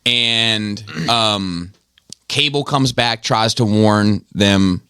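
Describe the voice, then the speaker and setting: A male podcast host in casual chat, animated and swearing, voice rising into loud rants. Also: lowish voice, extremely slow, smooth, no echo, clean studio sound. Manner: animated, swears, gets loud when ranting.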